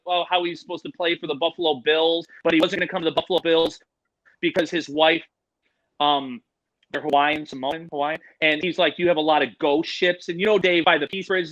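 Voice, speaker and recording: Loud, swearing man telling stories. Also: fairly high pitch, no room sound, highs cut off. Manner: loud, profane, animated storyteller. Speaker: guest, animal presenter. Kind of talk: casual storytelling chat.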